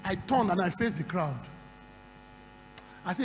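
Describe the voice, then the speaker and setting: A man's voice: high voice, expressive, a little slow, pauses often, slight background noise. A man preaching a sermon, calling for responses from the crowd and breaking into speaking in tongues. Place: large hall. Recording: long hall reverb.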